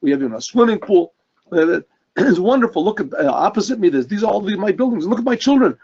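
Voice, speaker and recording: A man's voice: sits high, expressive, fast talker, darkish tone, breathy edge, heavily acted. A man voicing a proud, grateful male hotel owner who talks effusively. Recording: dull lo-fi recording.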